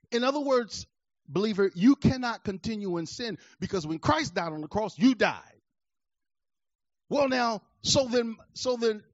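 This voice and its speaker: A man preaching a sermon, swinging from quiet asides to shouted emphasis in a rhythmic cadence, laughing between points. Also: sits high, no echo, highs cut off.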